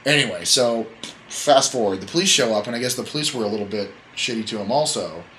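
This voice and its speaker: A man's voice: fairly low pitch, animated, quick pace, bright, forceful tone, a little hiss or hum, low-quality recording. A man hosting a casual podcast chat, telling a story in a rambling, joking way and correcting himself as he goes. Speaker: podcast host.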